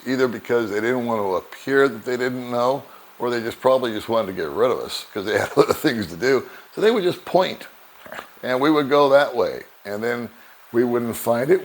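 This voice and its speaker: An older man vlogging, telling relaxed, rambling anecdotes to the camera and chuckling now and then. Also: mid-range voice, fairly quick. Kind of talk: casual storytelling to camera.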